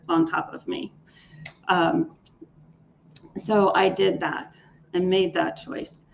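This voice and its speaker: Low gravelly woman telling coaching stories. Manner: enthusiastic, repeats and restarts words. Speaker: leadership coach. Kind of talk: speaker interview storytelling. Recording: dull lo-fi sound with faint noise.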